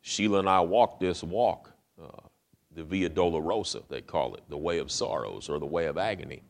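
A man's voice: deep voice, normal speed, vocal fry. A male pastor preaching a sermon in a folksy, conversational way, often repeating words as he builds his point.

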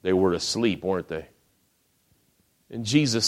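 A man's voice: low-pitched, a little slow. A man preaching a sermon, retelling a scripture story in a casual storytelling way with rhetorical questions.

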